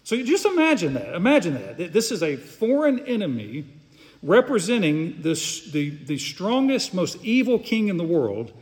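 A man's voice: high voice, wildly swooping pitch, moderate pace. A pastor preaching an earnest, emphatic sermon, often repeating words as he goes. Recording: long hall reverb.

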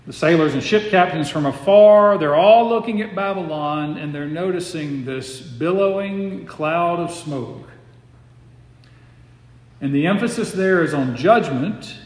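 A man preaching an expository sermon as pastor, measured and emphatic, slowing down to stress key phrases. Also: fairly high pitch, darkish tone, echoey room, long reverb tail.

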